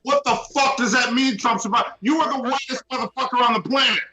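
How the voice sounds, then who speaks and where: A man's voice: very high-pitched, reverberant, background noise. A man on a casual podcast who keeps pushing back in disbelief. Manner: incredulous, quick to push back. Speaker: guest.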